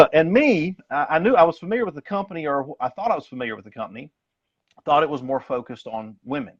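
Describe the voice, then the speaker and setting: A man's voice: on the high side, fast talker, a bit bright, dry recording. A man from Tennessee, a guest on a live call, talking casually on his phone and rambling with frequent laughs and restarts. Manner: rambling, self-deprecating, laughs often. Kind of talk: casual chat. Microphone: phone on a video call. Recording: dull lo-fi phone audio.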